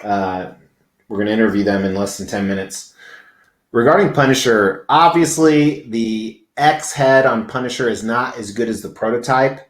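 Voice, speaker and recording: At normal speed and in a mid-range voice, a male livestream host chats with viewers from a large indoor convention venue. The space sounds roomy, and his talk is loose and rambling, with plenty of swearing.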